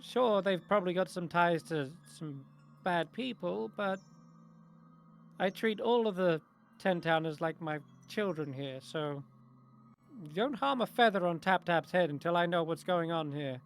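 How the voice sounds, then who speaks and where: A man's voice: high voice, lively intonation, unhurried, vocal fry, soft background music, pitched above the performer's own voice, heavily acted. A man voicing a motherly woman innkeeper who firmly protects her guests. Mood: protective. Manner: pleading, firm and protective.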